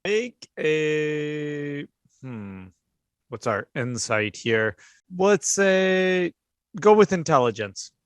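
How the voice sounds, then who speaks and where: A man's voice: fairly high pitch, expressive, drawn-out words, smooth, no echo. Easygoing male game master, dry mic. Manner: easygoing, thinks aloud while ruling. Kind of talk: running a tabletop game.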